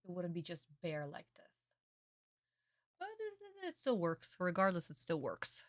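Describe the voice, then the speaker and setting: A young woman streamer in a casual reaction stream, excitable and gushing, swearing often. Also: on the low side, unhurried, dry recording, clean studio sound.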